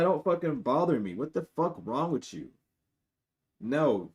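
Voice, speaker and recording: Very animated yet slow, with frequent pauses, a male tarot reader works through a live-streamed reading for viewers. He's crude and direct, lurching from loud outbursts to low mumbled asides.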